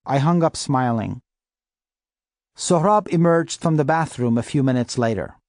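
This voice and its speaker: A man reads a first-person novel in a steady, measured way. His voice sits in the middle range. The recording is dry and close. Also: mid-range voice, dry recording. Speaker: audiobook narrator. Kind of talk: first-person audiobook narration.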